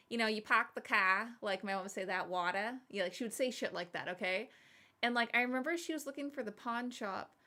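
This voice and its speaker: Bright-voiced woman in her thirties rambling. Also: medium pitch. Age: 30s. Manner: rambling, animated storytelling with frequent laughs and fillers. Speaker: streamer and podcast host. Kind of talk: casual chat to stream viewers.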